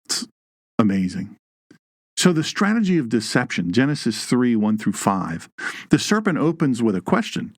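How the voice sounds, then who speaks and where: A man hosts an online Bible teaching show with a folksy, joking manner, making jokey asides and reading the live chat. His mid-range voice is very animated and slightly rough at a moderate pace, rising emphatically on key points, in a studio-quality recording with no echo.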